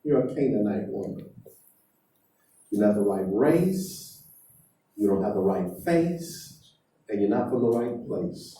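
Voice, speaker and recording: A grave male teacher with measured, weighty words, voiced by a man preacher. The dark, low voice rings out from a distance through a booming hall. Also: animated. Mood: solemn. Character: stern, solemn male teacher refusing a plea. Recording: echoey hall heard from afar.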